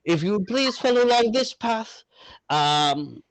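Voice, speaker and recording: A man's voice: high-pitched, lively intonation, unhurried, dry recording, pitched above the performer's own voice, poor audio. A man voicing a fussy, overly polite male ship crewmate who hurries people along with apologies. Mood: courteous.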